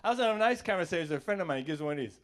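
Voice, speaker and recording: A man's voice: a little high, animated, racing. A man doing a stand-up comedy set on a theater stage, telling sarcastic stories and acting out both sides of arguments. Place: theater stage before a live audience.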